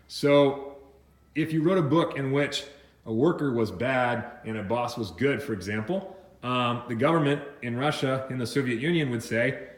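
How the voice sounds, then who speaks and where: A man's mid-range voice carries a roomy quality as he teaches English vocabulary in a recorded lesson. He goes slowly, hesitates with fillers, restarts himself, and occasionally lapses into Spanish.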